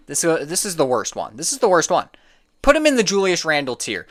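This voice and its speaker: A man's voice: fairly high pitch, big pitch swings, brisk, fairly bright tone. A man giving casual reaction commentary on sports opinions, opinionated and prone to getting heated and exasperated. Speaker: sports content creator.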